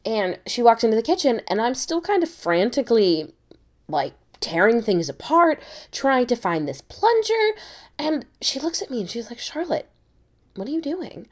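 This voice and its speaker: A young American woman hosting a podcast, telling a travel story in an animated way with many quick restarts. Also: a little high. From United States. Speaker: podcast host. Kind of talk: casual storytelling.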